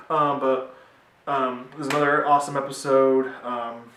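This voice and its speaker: A man's voice: medium pitch, level tone, measured pace, fairly bright tone, distant mic, slight background noise. A young man giving a casual, rambling TV review with many fillers, recorded at home in a roomy space away from the mic. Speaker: TV show reviewer.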